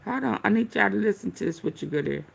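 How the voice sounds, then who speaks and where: Speaking quickly with lively intonation, a woman with a medium-pitched, gravelly voice rambles to her viewers, swearing as she searches for clips to react to in her casual commentary. Slight background noise can be heard.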